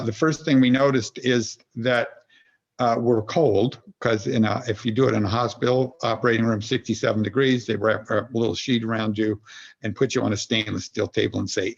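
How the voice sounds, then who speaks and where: A man with a medium-pitched voice, heard through dull audio, appears as a podcast guest who works as an executive coach. He speaks earnestly and meanders, using everyday examples to explain his ideas in reflective, conversational storytelling.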